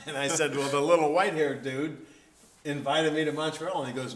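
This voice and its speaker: A man's voice: on the high side, fairly even intonation, normal speed. Wry storytelling man in a roomy echo. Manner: wry, self-deprecating humor. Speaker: interviewed musician. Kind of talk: casual anecdotal storytelling. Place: event venue, indoors. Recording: roomy echo, faint background noise.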